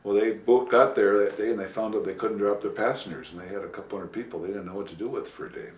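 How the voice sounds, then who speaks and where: Deep-voiced man telling stories, echoey room. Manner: rambling, with many "uh" pauses. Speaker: interviewee, former city official. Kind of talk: anecdotal interview storytelling. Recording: echoey room, faint hiss.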